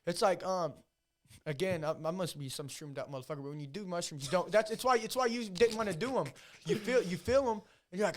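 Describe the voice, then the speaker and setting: A man's voice: sits high, quick pace. Profane, emotional man telling fight stories. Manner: emotional, heavily profane storytelling. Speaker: podcast guest, MMA fighter. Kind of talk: casual podcast chat.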